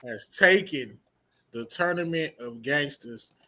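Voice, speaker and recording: A man's voice: medium pitch, slow, background noise. A man hosting a review show in a casual chat, hyping up his big announcements and stretching out titles.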